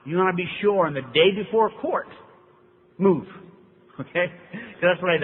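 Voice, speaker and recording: A man from Dallas with a fairly high voice tells his story in a folksy, wry way, acting out each exchange. His voice sounds thin and tinny, as if heard over a phone line. A long reverb hangs behind him in a large hall, with a faint hiss underneath. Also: lively intonation, normal speed, long pauses, breathy edge. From Dallas, Texas. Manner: folksy, wry, acts out dialogue. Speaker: recovery speaker. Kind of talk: storytelling talk to an audience.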